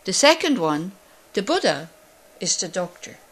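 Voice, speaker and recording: Woman, Buddhist teacher, conversational, rhetorical questions, medium pitch. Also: sing-song, a little slow, fairly bright tone. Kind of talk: Dharma teaching to a class.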